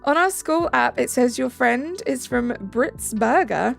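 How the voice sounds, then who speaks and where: Chatty British woman, gravelly edge. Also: high-pitched, lively intonation, measured pace. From Britain. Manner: chatty, reads out and answers chat, thanks viewers. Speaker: live-stream host. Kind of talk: casual live-stream chat. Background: faint background music.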